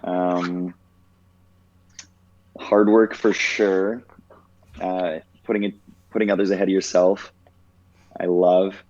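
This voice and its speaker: A man in his thirties speaks with a very low, deep voice, telling stories in a relaxed, reflective way and leaning on "like" as he thinks. The audio is slightly muffled and dull, like a lo-fi podcast recording. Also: slow, pauses often. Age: 30s. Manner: reflective, heavy use of "like". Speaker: podcast guest. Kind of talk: casual storytelling.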